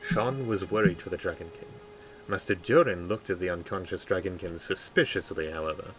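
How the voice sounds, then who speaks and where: A tired man streaming a game live, reading a story draft aloud in a measured way and stumbling over words. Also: low-pitched, slight background noise, poor audio.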